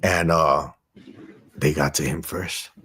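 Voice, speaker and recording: A man's voice: a bass voice, takes it slowly, breathy edge. A man as an interview guest, telling a story in casual street slang and acting out the dialogue. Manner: animated storyteller who acts out quoted dialogue; street slang, loose and profane.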